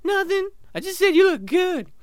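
A man voicing a sarcastic male dolphin who teases his trainer in a high, loud, snarky voice. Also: very animated, moderate pace, no room sound, studio quality. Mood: innocent.

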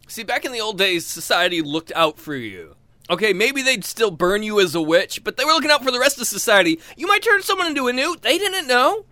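A young man from West Virginia with a West Virginia accent, doing a crude stand-up comedy set and jumping into shrill put-on voices. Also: expressive, brisk, bright, forceful tone, no room sound.

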